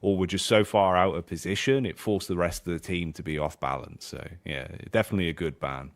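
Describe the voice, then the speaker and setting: A man's voice: low-pitched, brisk. A man co-casting an esports match in a casual, chatty way, posing and answering his own questions. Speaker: esports caster. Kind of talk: esports draft analysis commentary.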